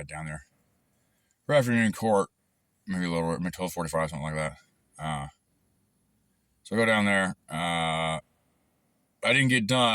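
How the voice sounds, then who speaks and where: A man's voice: low-pitched, fairly bright tone, dry recording. A man telling a long, frustrated story in a rambling, casual way with lots of fillers and restarts. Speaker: channel host recounting a dispute.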